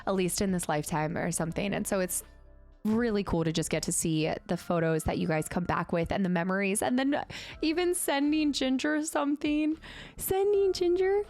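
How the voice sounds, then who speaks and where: A woman's voice: mid-range voice, darkish tone. A young woman chatting casually on a livestream in a bubbly way, thanking viewers and cooing at her pet.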